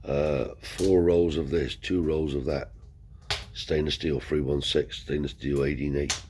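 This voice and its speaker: Deep-voiced man telling a rambling yarn. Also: steady tone, a little slow, a little mellow, a little hiss or hum. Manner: rambling, swears freely, acts out dialogue; broad colloquial speech. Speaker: storyteller. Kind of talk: casual spoken anecdote.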